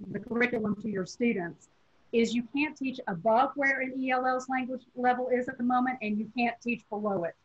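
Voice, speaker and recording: A woman from Tennessee with a Southern accent, lecturing teachers in a webinar in a measured, explanatory way with a slightly husky voice. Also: on the high side. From Tennessee, USA. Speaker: teacher educator. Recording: dull lo-fi webinar audio.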